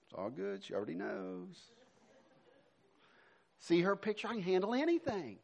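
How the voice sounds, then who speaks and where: Brief: male pastor, middle-aged, higher voice with a very lively, animated pitch, sermon delivery that swings emphatic to hushed. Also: normal speed, creaky, pauses often.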